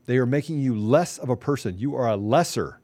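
A man's voice: mid-range voice, animated, brisk, a little mellow, dry recording. A man hosting a political talk show, delivering fervent, ranting commentary full of rhetorical questions.

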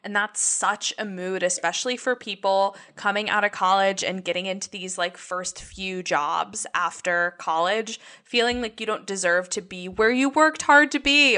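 Brief: young woman co-host, bright forceful tone, giggly and chatty. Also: medium pitch, normal speed, few pauses. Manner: chatty, laughs often, presents researched facts. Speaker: podcast co-host. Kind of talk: casual podcast chat.

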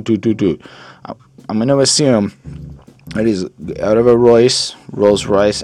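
Low-voiced rambling man from Montreal. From Montreal, Canada. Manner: rambling, profane, lots of "like" fillers. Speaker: album reviewer. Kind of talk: casual spoken review.

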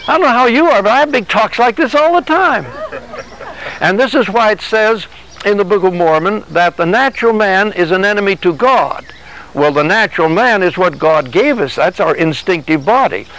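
A man's voice: high voice, lively intonation, moderate pace, fairly bright tone, slight background noise, rough recording. A man preaching a sermon in an earnest way, acting out dialogue as he teaches. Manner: earnest, acts out dialogue with God and his body.

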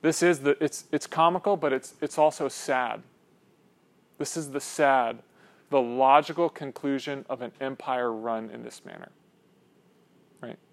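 A man preaching a sermon in an animated, joking way, asking his listeners questions. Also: medium pitch, a little slow, long pauses. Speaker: pastor.

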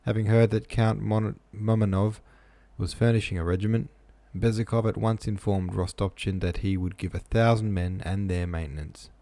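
A man's voice: on the low side, fairly even intonation, normal speed, hardly any pauses, mellow, no room sound. A man reading a novel aloud, plain with casual asides, close-miked in a small room. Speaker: reader.

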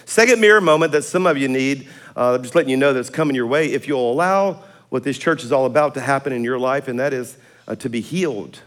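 Animated pastor preaching. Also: male voice, mid-range voice, fast talker. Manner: animated storytelling with laughs and swings in loudness. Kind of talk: sermon. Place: church auditorium.

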